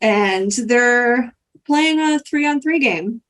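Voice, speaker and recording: A woman narrating as game master in a tabletop role-play, relaxed with frequent fillers. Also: on the high side, very slow.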